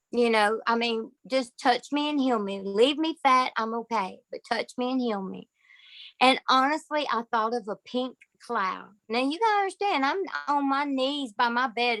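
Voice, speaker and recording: A woman's voice: a little high, a bit bright, no room sound. A woman telling a personal story in a folksy, emphatic way, speaking straight to her listeners. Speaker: guest sharing testimony.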